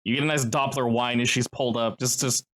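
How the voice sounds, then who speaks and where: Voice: mid-range voice, fast talker, heavy background noise. A game master narrating a tabletop game in a playful, joking way. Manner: playful, animated narration with jokey asides.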